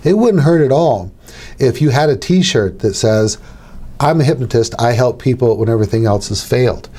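Middle-aged male hypnotist, teaching tone, chatty, repeats his catchphrases, everyday mid-pitched voice. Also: lively intonation, moderate pace, mellow, breathy edge. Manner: conversational, repeats key phrases, acts out dialogues. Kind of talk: instructional talk to camera.

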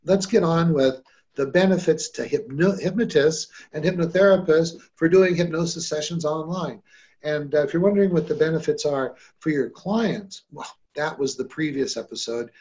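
A man hosts a casual podcast chat in an upbeat, chatty manner. His voice sits on the high side for a man. The sound is muffled and lo-fi. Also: normal speed, darkish tone. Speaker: host and hypnosis trainer.

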